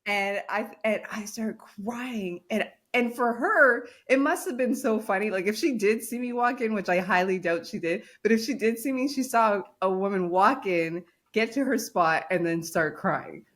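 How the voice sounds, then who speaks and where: A woman's voice: medium pitch, moderate pace, few pauses. A woman co-hosting a podcast, telling a story in casual chat and acting out the quotes. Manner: animated storytelling, acts out quotes. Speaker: podcast co-host.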